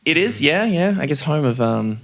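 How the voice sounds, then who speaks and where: A man's voice: fairly high pitch, very animated, moderate pace, a bit bright. A young man hosting a casual podcast discussion, chatty and hesitant with many fillers. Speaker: podcast host.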